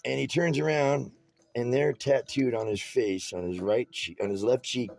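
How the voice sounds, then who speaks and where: A man's steady, medium-pitched voice, gravelly and slightly mellow, moves at normal speed as he tie-dyes a shirt and tells wandering stories. He talks casually with streetwise phrasing, frequently restarting and shifting between tales; the low-quality recording has no echo.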